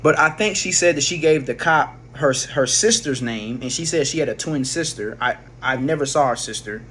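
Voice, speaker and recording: A man's voice: medium pitch, normal speed, a bit bright, slight background noise. A man casually telling a personal story, rambling with slang, swearing and frequent restarts. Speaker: vlogger.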